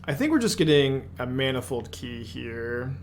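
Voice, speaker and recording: Brief: man at mid pitch, thinking out loud through an online card game, musing and self-correcting. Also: very animated, moderate pace, a little hiss or hum. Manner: musing, self-correcting, half-muttered asides. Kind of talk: thinking aloud while playing.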